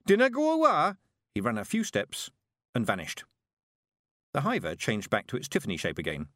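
A man narrating an audiobook with expressive storytelling. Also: lowish voice, moderate pace, no room sound, clean studio sound. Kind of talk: scripted narration.

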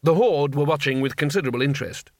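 A man narrating an audiobook in a wry, steady storytelling manner. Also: fairly high pitch, fast talker, no echo, studio quality.

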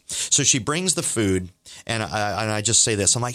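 Middle-aged guy hosting a podcast, lowish voice, dry close sound, telling stories all fired up. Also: a little fast, pushed and bright, no echo. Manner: earnest, eager, acts out quoted dialogue. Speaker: podcast host. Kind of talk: testimony storytelling.

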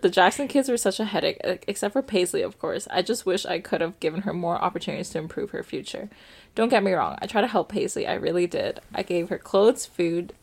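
A woman's voice: fairly low pitch, creaky, a little mellow. A young woman casually reading a story aloud on a podcast, adding her own offhand remarks.

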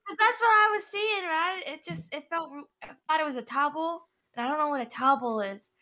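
Bright, high-pitched playful woman. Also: fairly quick. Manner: playful, rambling. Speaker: player. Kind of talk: casual in-character play.

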